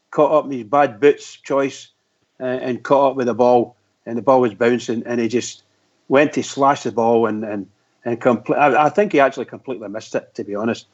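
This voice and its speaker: A man giving casual football analysis in an exasperated, rambling way. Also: medium pitch. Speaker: pundit. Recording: lo-fi online call audio.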